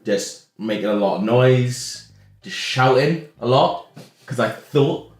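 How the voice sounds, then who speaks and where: A man's voice: mid-range voice, slow. A man in an improv comedy scene, talking in a laid-back, chuckling ramble. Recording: roomy sound.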